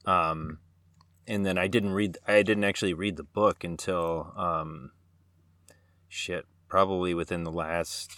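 A man's voice: deep voice, fairly even intonation, unhurried, a bit bright, no echo. A man co-hosting a podcast, chatting casually about films, laughing easily and restarting his sentences. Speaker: podcast co-host. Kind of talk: casual film discussion.

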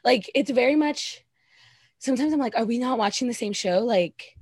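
A woman in a casual podcast chat, sassy and candid, swearing freely as she gives her takes. Her voice is a little husky at a middle pitch, and it sits close and dry with no room around it. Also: normal speed, a little mellow, no echo. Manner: sassy, profane, candid opinions. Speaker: podcast co-host recapping reality TV.

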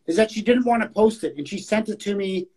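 A woman's voice: medium pitch, fast, mellow, husky, poor audio. A woman co-hosting a poetry show over an online call. Her delivery is emphatic and she keeps repeating her phrases. She swears in a casual, offhand way. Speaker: podcast co-host. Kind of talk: casual chat.

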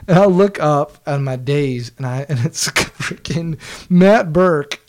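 Man with a higher voice, casual and profane storyteller, laughs often. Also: moderate pace, a little mellow. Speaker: guest, former team video staffer.

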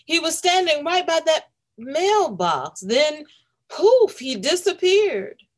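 A woman reading aloud to children, voicing a panicked male cab driver in a high, loud voice. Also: very animated, slow, exaggerated voice. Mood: alarmed.

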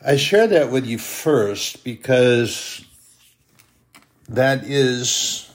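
A man delivers a sermon at a slow, deliberate pace. His voice sits in a middle register, and he is openly moved by what he reads. He swells loud on scripture lines and then falls back to a hushed, earnest hush. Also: medium pitch. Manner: emotional, moved while reading. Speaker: preacher.

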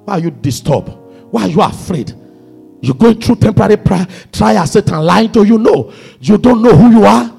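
A man preaching a sermon as pastor, swinging between shouted climaxes and hushed low passages. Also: lively intonation, normal speed, creaky, slightly rough, faint music behind.

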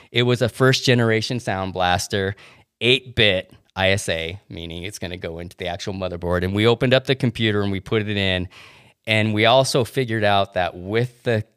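A man's voice: fairly low pitch, fairly bright tone, clean tone, dry recording, clean studio sound. A man hosting a podcast, telling nostalgic stories in casual chat with fillers. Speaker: podcast host.

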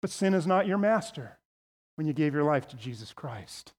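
A man with a high voice delivers an emphatic sermon as pastor. He presses each point and draws the congregation into repeating lines back to him. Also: animated, normal speed, darkish tone. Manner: emphatic preaching, leads the congregation in call-and-response.

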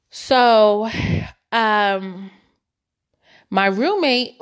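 A woman's voice: mid-range voice, vocal fry. A young woman in her twenties telling a personal story to the camera in a candid, emotional and slangy way. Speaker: vlogger.

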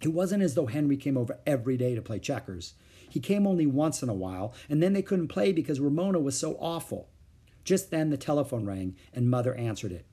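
A man reads a children's story aloud, expressive and animated. His voice is husky and his pitch swings widely through the narration. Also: a little fast. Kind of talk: reading a children's book aloud.

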